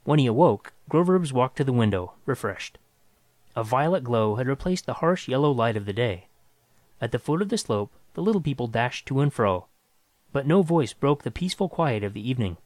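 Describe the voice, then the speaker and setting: A man reading a science fiction story aloud with dramatic, expressive narration. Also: mid-range voice, brisk, no echo.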